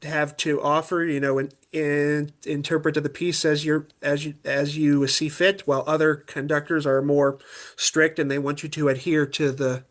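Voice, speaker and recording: A man with a somewhat high speaking voice talks casually as a guest in an interview. He is an opera tenor from Pennsylvania. He explains things haltingly, restarting phrases and leaning on filler words. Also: little pitch movement, fairly bright tone. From Pennsylvania, USA.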